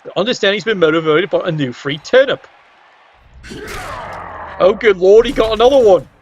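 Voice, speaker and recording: A man's voice: sits high, animated, moderate pace, slight background noise. A man giving cheeky match commentary on a video game, full of wry asides and casual swearing. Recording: dull lo-fi sound.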